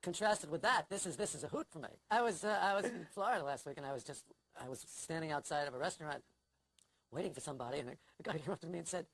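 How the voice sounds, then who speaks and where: Older man, self-deprecating, anxious, fast talker, dry close sound. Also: a little high, animated, fairly bright tone, no echo, low-quality recording. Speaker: interview guest, comedy writer. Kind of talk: casual conversation.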